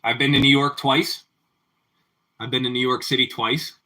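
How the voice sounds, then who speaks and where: Relaxed male stream host, bright clear tone, cooking at home, easy chatty talk. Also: mid-range voice, moderate pace. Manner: relaxed, answers viewer chat, often repeats his phrases. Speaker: livestream host. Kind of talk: casual chat while cooking. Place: home kitchen.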